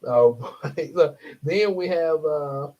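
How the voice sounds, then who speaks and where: A man's voice: a little high, takes it slowly, darkish tone. A young man, hosting a casual livestream, rambling with frequent chuckles and fillers. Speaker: livestream host. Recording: dull lo-fi stream audio.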